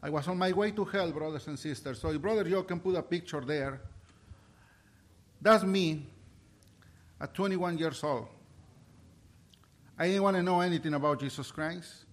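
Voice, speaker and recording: A man preaching a sermon, impassioned and halting, with restarts, swinging between loud and soft. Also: a little high. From Mexico.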